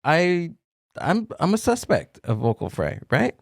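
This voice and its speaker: A man's voice: medium pitch, wildly swooping pitch, normal speed, gravelly, no echo. A man hosting a podcast in casual chat, dropping dry, joking comments. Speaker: podcast host. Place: podcast studio.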